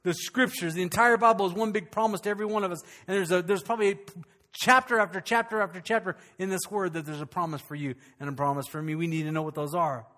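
A man preaching a sermon as pastor, animated and calling out questions to his congregation. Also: high-pitched, fast, long reverb tail.

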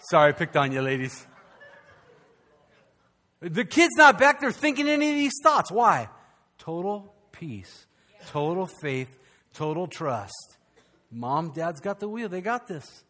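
An older man preaching a sermon as pastor, swinging from loud, animated outbursts to hushed, quiet passages. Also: fairly high pitch, normal speed.

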